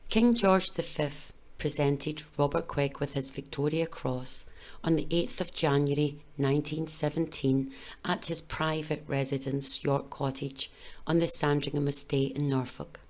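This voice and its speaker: A woman giving a measured, solemn scripted documentary narration. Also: low-pitched, steady tone, a little mellow.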